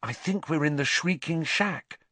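A man's voice: a little high, expressive, a little slow, sharp tone, no room sound, voice pushed up, exaggerated voice. Hermione, an anxious schoolgirl as a man voices her. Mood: scared whisper. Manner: urgent, breathless, often whispered. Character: frightened teenage schoolgirl, quick and anxious.

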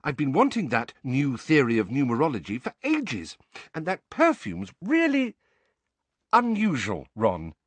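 A man's voice: medium pitch, huge pitch swings, normal speed, breathy edge, dry recording, pitched above the performer's own voice. A man voicing an earnest, brainy teenage girl who talks eagerly and a little bossily. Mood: happy.

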